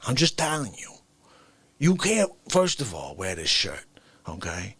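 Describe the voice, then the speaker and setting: A man hosting an unscripted comedy livestream, ranting with wild swings between whispers and shouts and frequent laughter. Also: medium pitch, sing-song, measured pace, husky. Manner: wildly swinging delivery, dropping to whispers and bursting into shouts, laughing.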